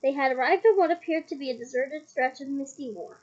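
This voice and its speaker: High-voiced woman reading a novel aloud. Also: brisk, darkish tone, lo-fi sound. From Scotland. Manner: chatty asides between passages. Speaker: book reader.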